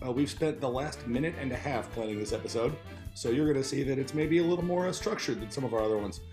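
A man's voice: mid-range voice, fast, over music. Chatty podcast host man, laughing often. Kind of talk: casual podcast chat.

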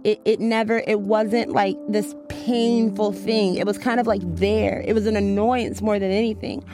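A woman's voice: mid-range voice, little pitch movement, normal speed, over music. A young woman from Atlanta, talking casually as an interview guest in a chatty, upbeat way, with lots of "like.". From Atlanta, USA.

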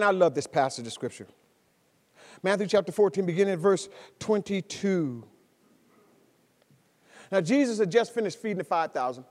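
High-voiced preacher man in a reverberant hall. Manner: preaching with big swings from soft to loud. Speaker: pastor. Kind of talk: sermon. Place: church sanctuary.

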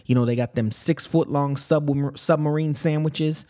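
A boastful, not-too-bright Southern man who lives in a basement, played by a man. He rambles, hunts for words and brags about dubious achievements in an improvised comedy chat. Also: on the high side, steady tone, unhurried, natural voice. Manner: rambling, loses his words, defensive bragging.

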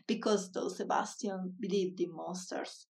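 Woman storyteller, slow soft read-aloud, mic a bit distant. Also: on the low side, fairly even intonation, gravelly. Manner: slow, soft, measured reading. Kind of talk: reading a children's story aloud.

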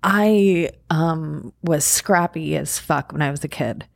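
A woman from Long Island speaking slowly and reflectively as a guest in a casual conversation. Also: deep voice, vocal fry, dry recording. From Long Island, New York. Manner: calm, slow, reflective.

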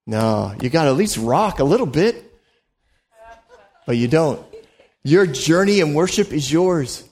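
A man's voice: on the high side, animated, measured pace, a little mellow. Conversational male pastor preaching. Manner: conversational and joking, acts out quoted voices. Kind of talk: sermon.

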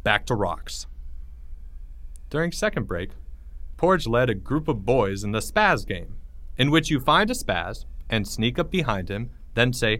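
Man, storybook narration, expressive, very lively pitch, dry close recording. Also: no room sound. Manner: expressive, plays each character. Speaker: author and audiobook reader.

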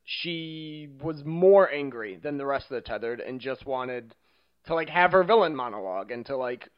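A man's voice: medium pitch, expressive, moderate pace, clean tone. A young man chatting enthusiastically in a casual movie discussion. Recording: dull lo-fi sound.

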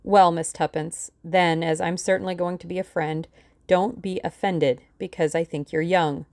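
Woman voicing an older male lawyer, shrewd, dry, measured, lowish voice. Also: fairly even intonation, a little mellow, no room sound, lightly acted.

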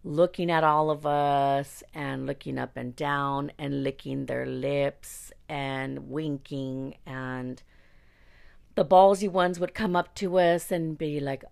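Woman, deep voice, fry, blunt, outspoken, candid personal story. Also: steady tone, takes it slowly, darkish tone. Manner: blunt, outspoken, swears freely. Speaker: singer recounting her career.

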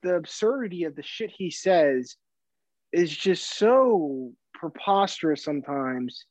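A man's voice: a little high, expressive, slow, a little mellow, dry recording. A man co-hosting a casual sports podcast who rambles, stumbles over his words, restarts his sentences and swears freely. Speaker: podcast co-host. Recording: dull, dry sound.

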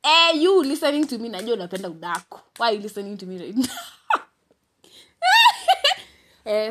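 A young woman with a Kenyan accent telling a dramatic storytime monologue, mixing in Swahili slang and laughing often. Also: mid-range voice. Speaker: vlogger.

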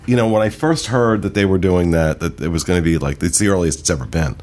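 A man with a very low voice hosts a casual podcast chat. He rambles enthusiastically and fills his sentences with ums and restarts. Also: fast, darkish tone. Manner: rambling, enthusiastic, many fillers. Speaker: podcast host.

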